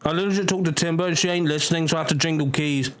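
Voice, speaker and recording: A man's voice: on the high side, fairly even intonation, rapid-fire, a little hiss or hum. A man bantering bluntly and swearing casually with friends during a gaming stream. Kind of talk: casual chat while gaming.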